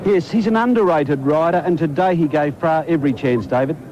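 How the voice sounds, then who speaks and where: Brief: Australian male racing reporter, dark warm tone, measured, muffled broadcast sound. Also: on the high side, slight background noise. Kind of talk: sports broadcast.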